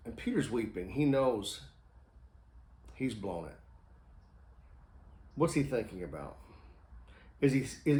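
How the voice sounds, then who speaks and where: Earnest man preaching in a roomy space. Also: mid-range voice. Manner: earnest storytelling, acts out quoted lines, repeats for emphasis. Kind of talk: sermon. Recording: roomy echo.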